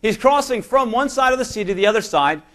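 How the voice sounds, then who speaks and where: A man with a notably high voice delivers a church sermon. He preaches emphatically and illustrates his points with stories told straight to the congregation. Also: expressive, fast, fairly bright tone. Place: church service.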